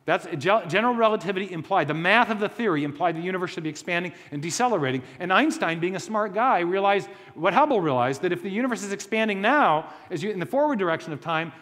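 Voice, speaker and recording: A man's voice: high-pitched, animated, quick pace, a bit bright, in a large hall. A man giving a conversational lecture to a live audience, with joking asides and frequent restarts.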